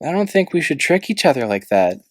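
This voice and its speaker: A man reading aloud, voicing a small, soft-hearted female dragon who talks earnestly. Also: fairly high pitch, very animated, brisk, dry recording, voice pushed up.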